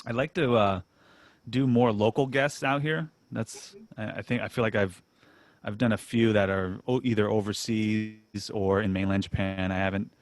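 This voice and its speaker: A man hosting a casual podcast chat, relaxed and self-deprecating, laughing often and restarting his sentences. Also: on the low side, moderate pace, dry recording. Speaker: podcast host.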